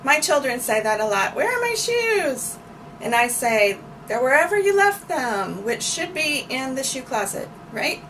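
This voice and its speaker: A woman teaches sign language in a high-pitched, lively, fairly bright voice, speaking at normal speed with few pauses. She patiently explains each sign and repeats phrases as she demonstrates, slowly and instructively. A distant mic picks her up over bluegrass banjo music, with slight background noise.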